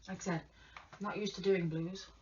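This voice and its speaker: A woman chatting casually to viewers during a makeup tutorial, often dropping to soft murmurs. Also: medium pitch, fairly even intonation, moderate pace. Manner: chatty, talks to viewers while applying makeup, drops to murmurs. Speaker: makeup vlogger. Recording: distant lo-fi home recording with faint hiss.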